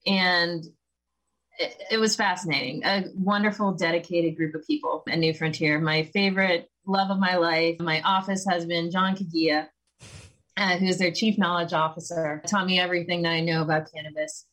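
Chatty thirties woman guest, slightly low voice, quotes herself with a wry edge. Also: fairly even intonation, normal speed, a bit bright, poor audio. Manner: chatty, self-deprecating, quotes herself often. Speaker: podcast guest, communications strategist. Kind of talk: conversational interview.

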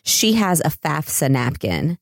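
An American woman with an unusually low voice talks as a podcast guest. She is relaxed and chatty and fills pauses with ums. The recording is close and dry. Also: gravelly, no room sound. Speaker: education consultant guest. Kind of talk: casual interview chat.

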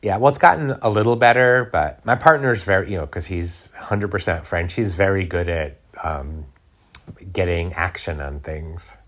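A man's voice: low-pitched, moderate pace, a bit bright. A middle-aged man talking in a casual interview, rambling with restarts and fillers. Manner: rambling, many restarts and fillers, laughs often. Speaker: guest, food writer.

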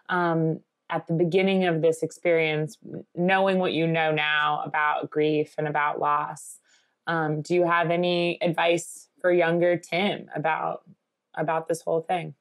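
A woman's voice: lowish voice, dry recording. A woman hosting a podcast interview, speaking in an earnest, effusive way and stringing many clauses together. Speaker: podcast host. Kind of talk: casual conversational interview.

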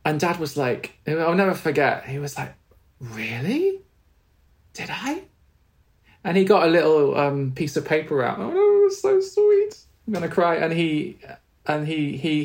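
A man's voice: fairly high pitch, gravelly. A middle-aged man, a spiritual teacher, tells a personal story in an interview, earnest and tender, often restarting and repeating his words.

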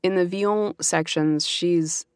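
Smooth-voiced chatty woman. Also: on the low side, steady tone, no room sound, studio quality. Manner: chatty, quick, lots of fillers. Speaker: audiobook narrator and author, guest. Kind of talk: casual interview chat.

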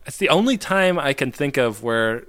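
Rambling and profane, this podcast co-host chats casually and laughs often. His medium-pitched voice is fairly bright, with lively intonation and a moderate pace.

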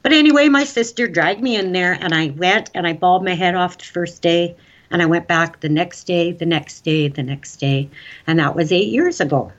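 A woman guest telling her own story in a casual interview, chatty and excitable, recorded on dull lo-fi audio. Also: fairly low pitch, moderate pace.

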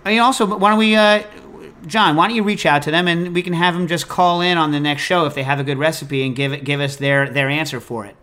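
A podcast host rambles through listener questions in a loose, jokey, animated way. His voice sits a little high for a man. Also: fast talker. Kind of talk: casual chat.

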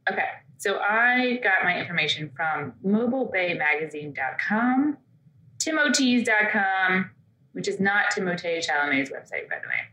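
A woman's voice: mid-range voice, lively intonation, moderate pace, sharp tone, echoey room, rough recording. A woman co-hosting a podcast, chatting casually and telling stories with quoted asides. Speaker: podcast co-host. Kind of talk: casual chat.

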